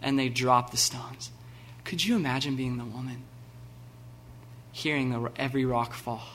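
A man preaching a sermon, animated and laughing, acting out the scenes with sudden loud bursts. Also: medium pitch, moderate pace, slight background noise. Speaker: pastor.

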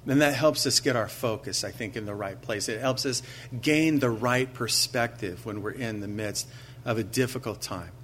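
A man preaching a sermon in an earnest, conversational way, asking his listeners rhetorical questions and slowing down to stress key phrases. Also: medium pitch, a bit bright, slight background noise. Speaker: pastor.

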